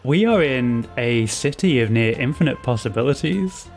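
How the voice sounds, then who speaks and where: A man narrating as game master of a tabletop game, playful and quick to laugh. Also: medium pitch, animated, vocal fry, a little mellow, soft background music. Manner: playful, laughs between lines.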